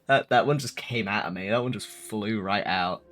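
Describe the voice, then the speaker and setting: A man's voice: fairly low pitch, wildly swooping pitch, unhurried, a bit bright, faint music behind. A young man chatting casually on a live stream, rambling and swearing with lots of fillers.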